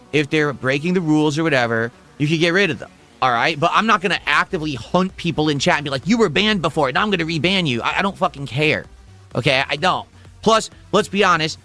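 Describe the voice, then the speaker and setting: A man with a fairly high, bright and forceful voice talks to his livestream chat in a blunt, exasperated rant and swears freely. Faint music plays underneath. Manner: blunt, profane, exasperated ranting. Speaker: livestream host. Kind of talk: casual livestream talk to chat. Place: at home.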